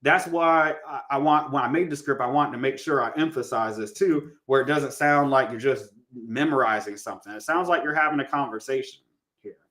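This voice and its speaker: A man coaching listeners in a relaxed, conversational way, calling them guys and acting out sample phone lines. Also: mid-range voice, a little fast. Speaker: real estate coach. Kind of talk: casual teaching monologue.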